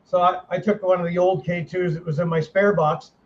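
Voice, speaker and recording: A middle-aged host rambles bluntly on a video call, often stopping to correct himself. His voice sits a little high for a man. The audio is dull and lo-fi, with a faint hiss behind him. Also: steady tone, brisk. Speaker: host, paranormal investigator. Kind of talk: casual panel chat.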